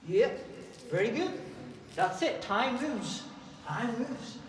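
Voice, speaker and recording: A man giving a storytelling talk to children, lively, asking them questions and acting out voices. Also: very high-pitched, takes it slowly. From England. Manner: lively, asks the kids questions, acts out voices. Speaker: youth speaker. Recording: echoey hall, far mic, faint background hum.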